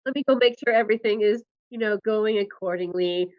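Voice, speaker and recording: A woman's voice: medium pitch, fairly quick, dry recording, highs cut off, natural voice. A woman game master voicing a stern, formal noble father addressing a servant and his daughter. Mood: stiff.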